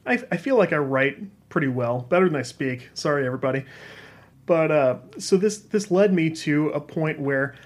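Rambling self-deprecating man, fairly high voice. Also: expressive, moderate pace. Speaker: freelance games writer. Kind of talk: casual personal storytelling.

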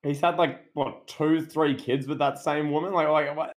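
A man co-hosting a podcast in casual chat, excitable and riffing with plenty of "like". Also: a little high, normal speed. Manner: excitable, riffs with lots of "like" and laughter. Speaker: podcast co-host.

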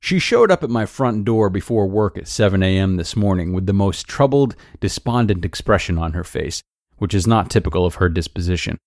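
A man hosting a podcast, calmly narrating a blog post in a measured way. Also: sits low, no echo, studio quality. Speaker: host.

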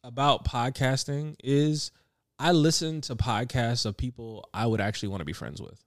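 A man's voice: mid-range voice, normal speed, dry recording. Man, thirties, American accent with a British edge, rambling casual chat, dry close sound. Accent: American with a slight British tinge. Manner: rambling, loose and laid-back, with many fillers. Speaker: podcast co-host. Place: small room, seated on a couch.

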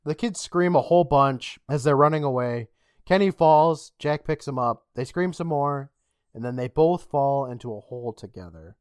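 Animated man recapping an episode, dry sound. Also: mid-range voice, moderate pace, smooth, no echo. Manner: animated, acts out quotes with laughs. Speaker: podcast co-host. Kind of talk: casual chat recapping a TV episode.

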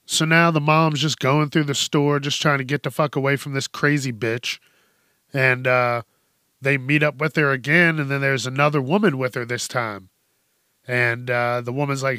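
Profane, laughing podcast host. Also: male voice, a little high, steady tone, normal speed, fairly bright tone, smooth, no room sound, studio quality. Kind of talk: casual news commentary.

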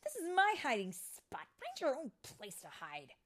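A woman's voice: high-pitched, wildly swooping pitch, measured pace, a bit bright, voice pushed up, heavily acted. A woman voicing a bossy, prickly female fairy in a read-aloud storybook, snapping and scolding. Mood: snappish.

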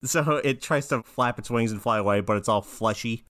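A man's voice: medium pitch, fairly quick, fairly bright tone, no room sound, studio quality. A man co-hosting a casual podcast chat, narrating cartoon plots and laughing often. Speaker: podcast co-host.

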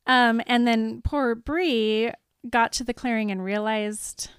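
A young woman co-hosts a chatty podcast in a bubbly voice and laughs often. Her voice sits a little high. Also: fairly even intonation, takes it slowly, smooth, no echo. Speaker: podcast co-host. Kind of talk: casual chat.

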